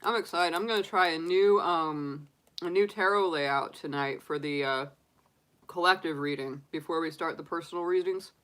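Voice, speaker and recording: Woman, forties, tarot reader, casual live-stream chat, laughs a lot, slightly low pitch. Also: normal speed, fairly bright tone. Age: 40s. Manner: chatty, laughs often.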